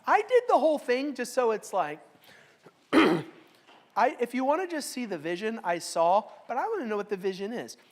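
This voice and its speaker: A middle-aged woman leads a Bible study class in a slightly high, sing-song voice at a normal pace. She reads the verses aloud with heavy emphasis, then explains them casually and with jokes.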